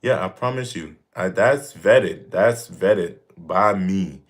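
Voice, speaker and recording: Male host, 30s, very low voice, emphatic, repetitive and joking in casual livestream chat. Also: lively intonation, slow. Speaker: fitness streamer answering viewer questions.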